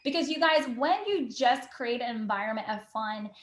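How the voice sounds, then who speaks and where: A woman giving an enthusiastic motivational talk on a team call, bubbly and quick, full of "you know" and "literally". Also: fairly high pitch, lively intonation, reverberant. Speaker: team call guest speaker.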